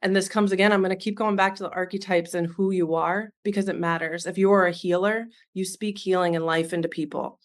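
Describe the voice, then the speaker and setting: A woman's voice: lowish voice, steady tone, fairly quick, few pauses. A woman in her thirties giving a heartfelt, earnest business coaching talk, speaking straight to her listeners.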